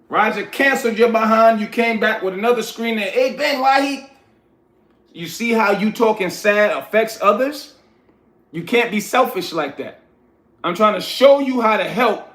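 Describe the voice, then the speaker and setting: Expressive and speaking at normal speed, a New York livestream host with a high, fairly bright voice bluntly lectures his chat as he reads it aloud during a casual stream. The space has a roomy echo.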